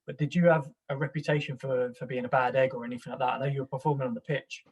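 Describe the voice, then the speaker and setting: A man's voice: mid-range voice, steady tone, fast talker, slightly rough. A man co-hosting a podcast, asking long probing questions over a video call. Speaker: podcast co-host. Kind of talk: interview questioning. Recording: distant, off-mic video call.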